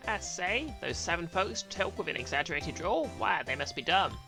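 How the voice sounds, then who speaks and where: A woman voicing a brash, loud country woman photographer in a game read-along, putting on a northern English accent with a scolding, folksy drawl. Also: lowish voice, very animated, moderate pace, over music, pitched above the performer's own voice. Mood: indignant. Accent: northern English put-on.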